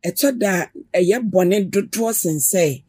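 A guest explaining points in a measured, drawn-out way. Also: mid-range voice, lively intonation, crowd noise. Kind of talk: casual chat, explaining.

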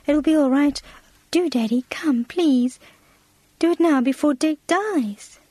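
A woman's voice: high voice, brisk, dry recording. A woman voicing a brave, eager little girl who pleads and exclaims in a storybook reading. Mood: eager pleading. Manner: pleading, excited.

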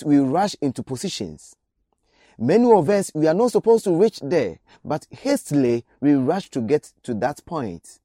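A man's voice: medium pitch, mellow, no room sound, studio quality. A man preaching a radio sermon, exhorting his listeners with repeated direct appeals.

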